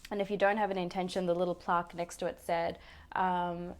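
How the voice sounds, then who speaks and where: A woman vlogger telling a personal story in a gentle, reflective way, often restarting her sentences. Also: lowish voice, level tone, brisk. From Australia. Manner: reflective, gentle, with frequent restarts and soft laughs. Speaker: wellness vlogger.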